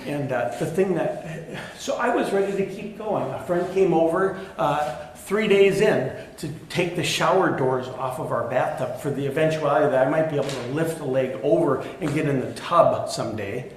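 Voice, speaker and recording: A man's voice: fairly high pitch, normal speed. Man preaching in an echoey church. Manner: candid storytelling, self-deprecating humor. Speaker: pastor. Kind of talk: sermon. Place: church sanctuary. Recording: echoey church with faint ambient noise.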